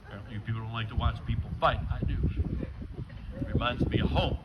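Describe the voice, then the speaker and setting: An older man from western New York doing a stand-up comedy set outdoors, telling stories in a deadpan way and acting out the dialogue. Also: mid-range voice, fast talker, lo-fi sound, very noisy. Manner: deadpan storytelling with acted dialogue bits. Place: outdoor show with a live audience.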